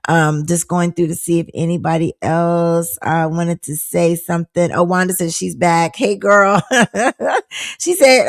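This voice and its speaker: A woman's voice: low-pitched, darkish tone, no room sound, clean studio sound. A middle-aged woman hosting a live podcast, talking casually and animatedly to viewers with fillers and laughter. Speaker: podcast host. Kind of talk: casual live-show chat.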